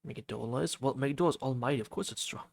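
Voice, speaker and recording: A male streamer reading a visual novel aloud and reacting casually, animated and swearing freely while he talks to chat. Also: mid-range voice, fast talker, vocal fry, no room sound.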